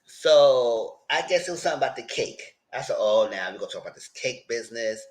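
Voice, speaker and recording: Man, mid-pitched voice, casual recap host, rambling retellings, quoted asides. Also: animated, a little fast.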